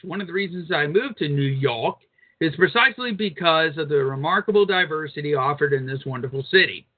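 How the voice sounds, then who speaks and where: A man co-hosting an uncensored talk radio show, reading news aloud with crude, blunt asides. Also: on the high side. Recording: phone-like narrow band.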